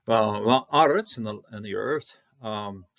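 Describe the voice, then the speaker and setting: A man who grew up in Canada, teaching Hebrew Bible words in an informal lesson, halting with many fillers and sounding out the Hebrew slowly. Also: lowish voice, gravelly, a bit bright, highs cut off.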